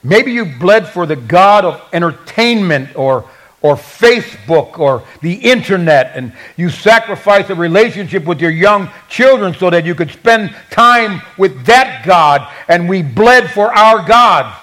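A man preaching a sermon as a pastor, telling a Bible story in an animated way and acting out the quoted voices with humor. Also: sits high, a little slow, rough recording.

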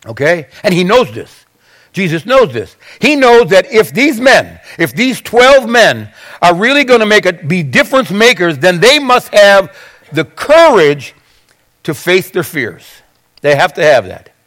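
A man's voice: high voice, sing-song, measured pace, a bit bright. A male pastor preaching a sermon, acting out Bible quotes with frequent restarts.

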